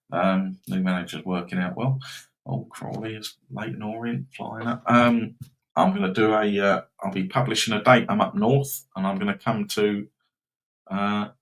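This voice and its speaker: A man's voice: lowish voice, fairly bright tone, poor audio. A man hosting a live betting stream, rambling casually and reacting to football scores and viewers.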